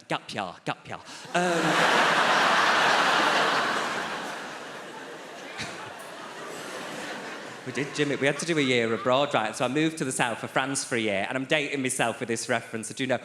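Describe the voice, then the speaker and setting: Bright, chatty man doing stand-up. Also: mid-range voice, lively intonation, a little slow, pauses often. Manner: chatty, confiding, teases audience members by name. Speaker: stand-up comedian. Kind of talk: stand-up comedy set. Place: large theatre stage. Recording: echoey theatre, faint audience noise.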